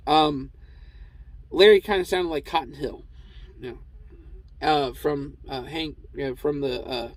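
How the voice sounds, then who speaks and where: A truck driver telling a casual, rambling story, with lots of fillers and restarts. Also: male voice, a little high, darkish tone, no room sound, poor audio.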